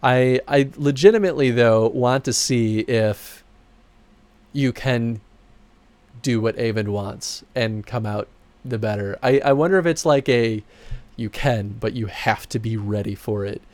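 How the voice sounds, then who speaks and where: A chatty male streamer talks to his viewers in a relaxed, rambling way and laughs often. His voice sits in an ordinary middle register but jumps up when he gets excited. The recording is close and dry, with no room sound. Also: medium pitch, a little slow, dry recording. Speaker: streamer and game producer. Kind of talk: casual livestream chat over game credits.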